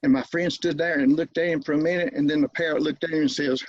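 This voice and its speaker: A man's voice: fairly high pitch, fairly even intonation, fast, no echo, lo-fi sound. A man telling a humorous anecdote in a folksy storytelling manner over a video call. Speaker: club speaker.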